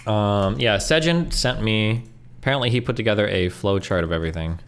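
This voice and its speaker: A male streamer reading messages aloud quickly, breaking in with blunt asides and swearing. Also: fairly low pitch, clear, resonant tone. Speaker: streamer reacting to online posts.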